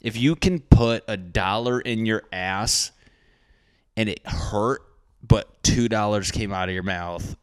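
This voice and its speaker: A man with a low, deep voice rambles through a comedic monologue, swearing freely and mocking himself. His energy is excitable and loose. The sound is close and dry, with no room around it. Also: slow, clean tone, dry recording. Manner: profane, excitable, self-mocking.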